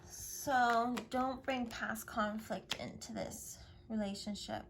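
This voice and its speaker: A woman's voice: a little high, takes it slowly. Effusive woman giving a tarot reading. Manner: effusive, affirming, drifting into whispers. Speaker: tarot reader. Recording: steady hiss and clicks.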